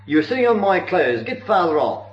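A man's voice: high-pitched, very animated, moderate pace, recorded from a distance. Snooty stuck-up priest, a guy reading him out, old muffled echoey tape. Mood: haughty. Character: haughty, insolent adult male priest. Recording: dull roomy old recording.

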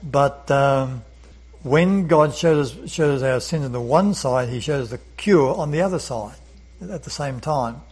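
Husky man teaching a Bible lesson. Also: medium pitch, a little slow, darkish tone, rough recording. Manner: earnest, repeats words, asks rhetorical questions.

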